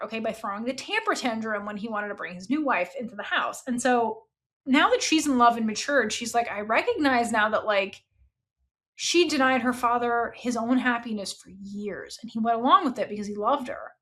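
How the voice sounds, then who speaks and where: Chatty woman with a raised voice. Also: fairly high pitch. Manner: animated, frequent "like" and "okay?". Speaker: book club podcast host. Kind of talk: casual book review chat.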